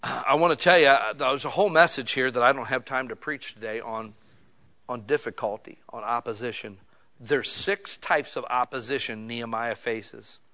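A man preaching a conversational sermon to his small church, swinging between loud emphatic bursts and quiet, intimate asides. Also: mid-range voice. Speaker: pastor.

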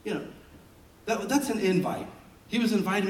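A fairly high-voiced man preaches in a church sanctuary, telling animated, joking stories. His voice carries through a roomy space from some distance off the mic. A faint hum of room noise sits underneath. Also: fairly quick. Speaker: pastor. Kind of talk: sermon with folksy storytelling.

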